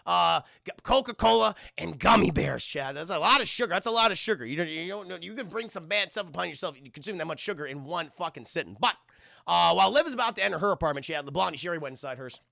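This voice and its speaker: A man streaming a casual TV episode review, talking excitably and profanely while addressing his chat. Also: high voice, fast talker, gravelly, no echo, studio quality.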